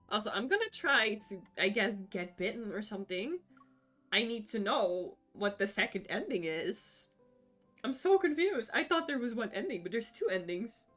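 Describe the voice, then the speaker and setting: Giggly young woman streamer, lively pitch. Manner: emotional, giggly, reads game text aloud. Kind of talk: live gameplay commentary.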